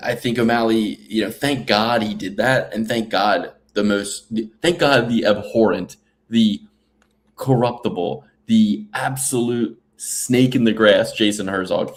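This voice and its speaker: Male podcast co-host, casual chat, animated and profane, quick to do mocking quotes. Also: lowish voice.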